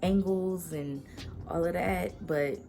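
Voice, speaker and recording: Young female vlogger, casual and slangy, lowish gravelly voice, music clearly playing behind. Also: takes it slowly. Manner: chatty, slangy, laid-back. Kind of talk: casual chat to camera. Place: her bedroom at home.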